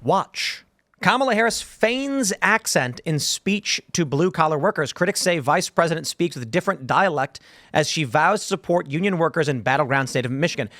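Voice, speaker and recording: A man's voice: a little high, expressive, moderate pace, fairly bright tone, dry recording. A man hosting a podcast, reading headlines aloud and reacting with disbelief. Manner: reads headlines aloud with incredulous asides. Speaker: host. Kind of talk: casual podcast talk.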